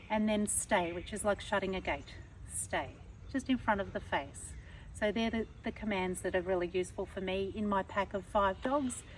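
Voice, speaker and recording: Woman dog trainer explaining commands outside, kinda far off mic, light background noise. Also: mid-range voice. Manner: patient, demonstrates tones of voice as she explains. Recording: somewhat distant mic, faint background noise.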